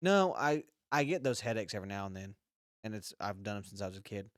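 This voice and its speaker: A man's voice: fairly low pitch, animated, fast talker, no echo, studio quality. A man co-hosting a casual podcast, blunt and scattered, swearing constantly, with an occasional stutter. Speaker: podcast co-host. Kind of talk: casual chat. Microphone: podcast microphone.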